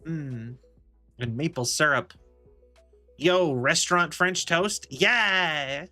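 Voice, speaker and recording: This gaming streamer speaks slowly in a slightly high voice with a sharp tone, over soft background music. His casual chatter rambles, with frequent laughter and many restarts.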